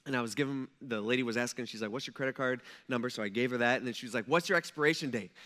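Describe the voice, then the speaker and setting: A man's voice: medium pitch, rapid-fire, pushed and bright. A man preaching a conversational sermon in a church, telling stories and acting out quoted asides. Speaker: pastor.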